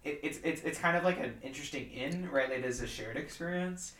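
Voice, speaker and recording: A man's voice: fairly high pitch, fairly quick, fairly bright tone. A man chatting casually on a podcast, rambling and hesitant with many fillers. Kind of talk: casual conversational chat. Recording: roomy sound from a distance off the mic.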